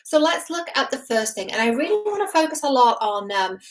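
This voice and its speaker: A woman's voice: high-pitched, very animated, brisk. A woman in her thirties hosting a reaction show as a relationship expert, talking to camera in a casual, earnest and analytical way with frequent fillers and restarts.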